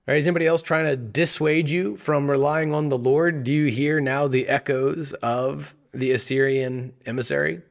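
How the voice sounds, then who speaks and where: A man giving a devotional Bible teaching, explaining scripture and asking his listeners many rhetorical questions in an animated way. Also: medium pitch.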